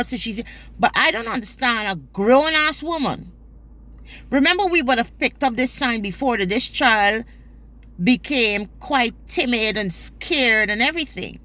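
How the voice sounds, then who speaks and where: A woman's voice: on the high side, expressive, unhurried, pushed and bright. Emphatic Guyanese woman telling a story. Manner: emphatic, swears freely, Creole turns of phrase. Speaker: mother telling a personal story. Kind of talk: storytelling vlog.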